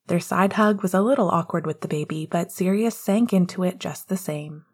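A woman narrating a fan fiction story aloud in a soft, gentle manner. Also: lowish voice, normal speed, slightly rough. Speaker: reader.

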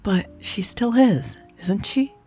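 A woman voicing a tender, affectionate young woman lover in a soft, breathy whisper. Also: mid-range voice, a little slow, faint music behind, voice pushed up.

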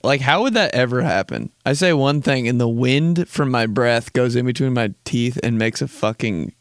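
A man's voice: mid-range voice, animated, normal speed, no echo, clean studio sound. A young man in his twenties hosting a podcast, joking and rambling in a laid-back, casual way and swearing often. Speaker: podcast host. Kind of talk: casual comedic monologue.

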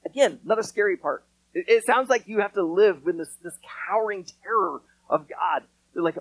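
A man's voice: high-pitched, a little fast, no echo, rough recording. A man preaching a sermon as pastor, talking to the congregation in an earnest, conversational way with touches of dry sarcasm.

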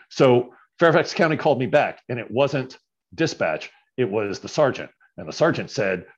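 A man casually telling a story as a podcast guest, animated and often tagging his lines with "right?". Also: mid-range voice, normal speed, slightly rough, highs cut off.

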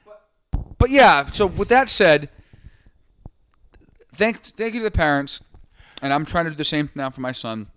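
A man's voice: fairly high pitch, lively intonation, moderate pace, pauses often, a bit bright, smooth. A man co-hosting a podcast, telling a long story in casual chat, swearing freely and acting out quoted voices. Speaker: podcast co-host.

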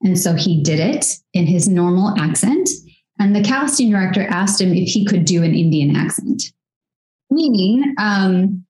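A woman's voice: fairly low pitch, lively intonation, a little slow, warm tone. A woman in her thirties, an actress guest in a casual interview, talking in a reflective, chatty way with many fillers. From United States. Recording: echoey room.

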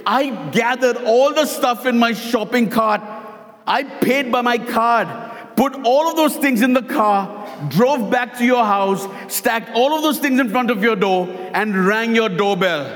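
A man's voice: very high voice, unhurried, a bit bright, long reverb tail, pitched above the performer's own voice. A man voicing a neighbor who mocks an old woman's faith. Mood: insistent. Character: mocking unbelieving male neighbor.

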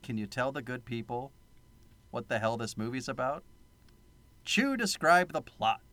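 A man's voice: mid-range voice, lively intonation, measured pace, fairly bright tone, no echo. A man co-hosting a casual film review podcast, sarcastic, laughing often and swearing freely. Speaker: podcast co-host.

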